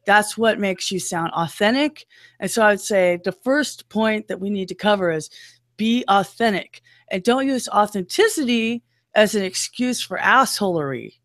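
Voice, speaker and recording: A woman with a low voice, co-hosting a casual web talk show and breaking into playful impressions as she talks. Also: animated, moderate pace, fairly bright tone, no echo, clean studio sound. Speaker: podcast co-host. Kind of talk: casual chat.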